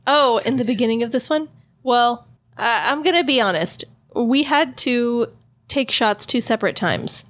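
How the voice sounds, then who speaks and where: A woman's voice: fairly high pitch, a bit bright. A woman co-hosting a casual podcast, teasing her co-host and laughing often. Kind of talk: casual drinking banter.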